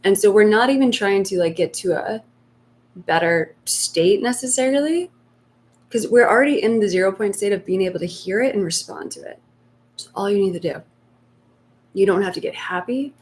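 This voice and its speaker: A woman giving spiritual coaching on a live stream, speaking softly and slowly and sometimes voicing inner fears in a hushed tone. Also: mid-range voice. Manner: soft, slow and reflective, acting out inner voices in hushed tones. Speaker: meditation coach.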